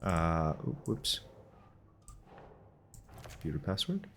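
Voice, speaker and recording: A man streaming a video game, muttering and thinking out loud as he reads in-game notes aloud. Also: sits low, very animated, very slow, vocal fry, slight background noise. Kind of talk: casual gameplay commentary.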